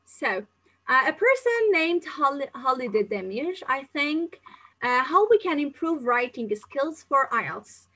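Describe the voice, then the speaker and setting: Bright-voiced young female teacher. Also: sits high, sing-song, slow, slight background noise, poor audio. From not Turkey, living there. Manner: chatty, explains with many examples and fillers. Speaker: English teacher answering live questions. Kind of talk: live Q&A lesson.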